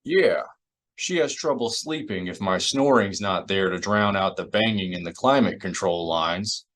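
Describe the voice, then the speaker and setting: A man's voice: deep voice, measured pace, fairly bright tone. A man voicing a wry, sarcastic middle-aged smuggler in an audiobook, talking dry and blunt.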